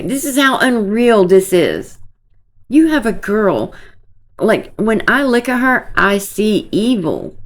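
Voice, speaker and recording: A woman giving casual, opinionated gossip commentary to her viewers, scornful and talking to them directly. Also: mid-range voice. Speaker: commentary vlogger.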